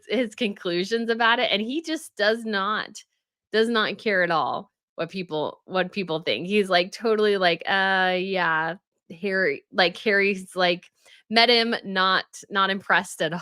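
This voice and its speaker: A woman's voice: medium pitch, pushed and bright, no room sound, studio quality. A woman hosting a casual livestream, chatting with viewers and reading their comments aloud, often laughing as she goes. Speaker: royal news livestream host.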